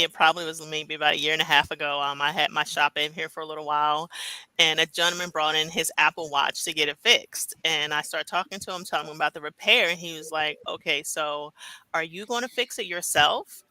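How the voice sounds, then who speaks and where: A woman who runs a repair shop, telling a relaxed anecdote on a video call. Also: deep voice, brisk, clean tone, dry recording, poor audio. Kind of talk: casual panel chat.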